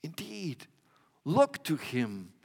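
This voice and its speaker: Slow-preaching man in a reverberant hall. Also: fairly high pitch, huge pitch swings, creaky, a little mellow, breathy edge. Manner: measured preaching with emphatic swells and dropped endings. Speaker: pastor. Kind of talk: sermon.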